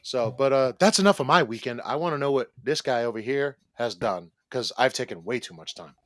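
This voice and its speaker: A man's voice: medium pitch, lively intonation, a little fast, a bit bright, no echo. A man co-hosting a podcast, rambling easily in casual chat with lots of "like". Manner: easygoing, rambling, filler-heavy. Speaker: podcast co-host.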